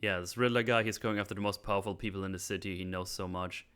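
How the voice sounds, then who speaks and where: A man's voice: low voice, steady tone, quick pace, fairly bright tone, clean tone. A man on a podcast, casually recapping a film scene by scene in a rambling way, full of fillers and restarts, with a loose, joking, self-deprecating manner. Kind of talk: casual chat.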